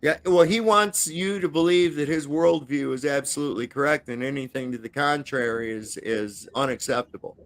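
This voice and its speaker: A man's voice: medium pitch, moderate pace, hardly any pauses, fairly bright tone. A man talking bluntly and profanely in a casual livestream chat over a video call, with frequent fillers and restarts.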